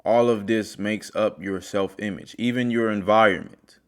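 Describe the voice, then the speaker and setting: A deep-voiced man delivers a motivational monologue and speaks straight to the listener. He talks earnestly, like a self-help host telling a story from his own life. His low voice stays steady as he works through his point. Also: moderate pace. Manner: earnest, storytelling, addresses viewer directly.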